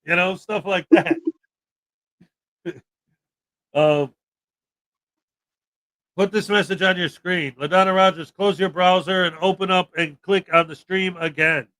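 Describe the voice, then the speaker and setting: A young man with a high-sitting voice hosts a livestream, telling stories in a casual chat. He speaks at a measured pace with long pauses, animatedly acting out the quotes.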